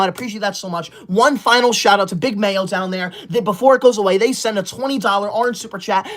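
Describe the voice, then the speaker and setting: This high-pitched, somewhat bright male voice belongs to a livestream host working through super chats. He hams it up with exaggerated thanks and pretend indignation, hyping up each donor repeatedly.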